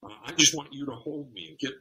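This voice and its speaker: Guy doing a upset woman begging her partner for comfort, slightly higher, bright voice. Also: animated, fast, a little hiss or hum, low-quality recording. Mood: pleading. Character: distraught adult woman pleading for comfort.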